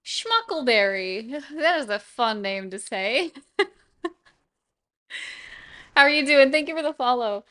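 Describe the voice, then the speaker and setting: A woman's voice: high-pitched, very animated, slow pace, long pauses, pushed and bright. Chatty young woman streaming while painting. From New York State. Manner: chatty, laughs often, mutters to herself. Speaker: livestreamer. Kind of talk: casual live-stream chat while painting.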